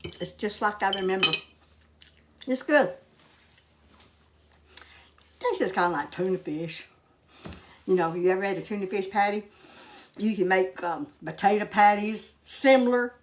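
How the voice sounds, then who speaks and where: A woman's voice: mid-range voice, measured pace, long pauses, a little hiss or hum. An older woman hosting a casual cooking vlog, talking in a homey, rambling way with many fillers. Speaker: cooking show host.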